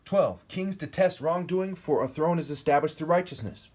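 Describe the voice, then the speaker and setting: Husky-voiced man ranting over scripture. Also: fairly high pitch, normal speed, darkish tone. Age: 40s. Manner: ranting, combative, insulting; preachy, keeps asking "okay?". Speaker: self-styled preacher. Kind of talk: solo video monologue reading and commenting on scripture.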